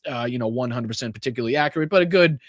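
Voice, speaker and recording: A man's voice: mid-range voice, rapid-fire, no echo, clean studio sound. A man with a Boston accent hosting a political livestream podcast, blunt and rambling with lots of fillers and the odd curse. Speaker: podcast host. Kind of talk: casual livestream talk.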